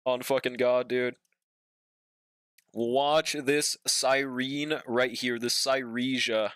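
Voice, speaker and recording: A streamer reading chat plays a game and talks casually with viewers, laid-back and slangy, swearing now and then and humming while he waits. His medium-pitched voice is steady, slow, fairly bright and clean, recorded in clean studio sound with no room sound.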